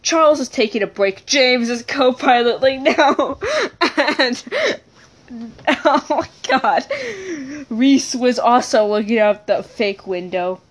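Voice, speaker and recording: A woman with a fairly high voice tells a funny story in a casual, rambling way. She speaks slowly, keeps giggling and breaks off into asides to correct herself.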